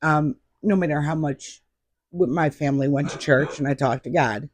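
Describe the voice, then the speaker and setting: A woman in her fifties with a deep voice, a podcast guest, tells stories at a moderate pace against slight background noise. She's a warm, chatty anecdotal storyteller in a casual conversation.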